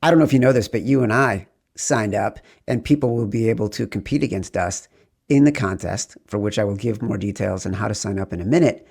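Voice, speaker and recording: Excitable man hosting a betting podcast. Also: on the low side, fairly quick, vocal fry. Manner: excitable, playful, sing-song greetings. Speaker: podcast host. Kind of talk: sports betting podcast chat.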